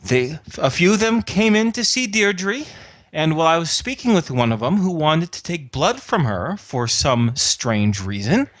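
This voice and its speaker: A man's voice: mid-range voice, a bit bright. Man voicing a wary woman caretaker. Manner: defensive, hesitant, restarts sentences.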